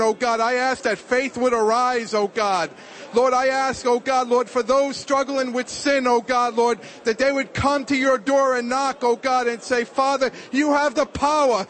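A man's voice: extremely high pitch, a bit bright. A man, a church elder, leading a congregation in rhythmic spoken prayer with constant refrains. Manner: rhythmic prayer, repeating "oh God, Lord".

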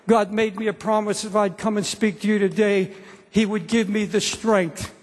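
A man's voice: sits high, fairly even intonation, normal speed, husky. A man in his seventies preaching an earnest sermon to a congregation, repeating phrases for emphasis. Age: 70s. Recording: long hall reverb.

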